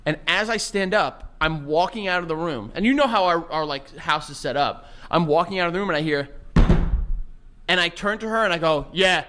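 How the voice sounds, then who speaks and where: A man's voice: on the high side, a little fast, a little hiss or hum. A young man hosting a casual podcast chat, telling stories with lots of laughter and acting out what people said. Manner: animated, laughs often, acts out quotes. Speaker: podcast host.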